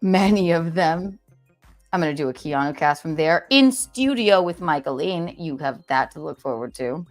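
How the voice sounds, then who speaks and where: A woman's voice: low voice, animated, moderate pace, faint music behind. A woman hosting a livestream in casual chat, playful and talkative, often restarting her sentences. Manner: chatty and playful, with many restarts. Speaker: livestream host.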